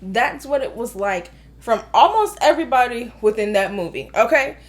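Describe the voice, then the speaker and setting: A woman's voice: a little high, big pitch swings, moderate pace. A woman in her thirties giving an emphatic, exasperated casual film review, repeating herself for effect. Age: 30s. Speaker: movie reviewer.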